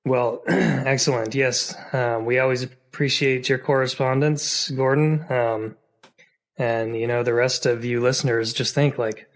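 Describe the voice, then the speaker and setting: A man co-hosts a podcast, rambling and joking in casual chat full of fillers and restarts. His mid-range voice is fairly even in intonation and a little slow.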